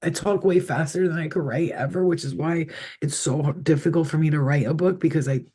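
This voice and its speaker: A man with a somewhat high but mellow, husky voice talks casually with viewers on a live stream. He rambles from one thought to the next and swears freely. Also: fairly even intonation, brisk. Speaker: psychic reader, live streamer.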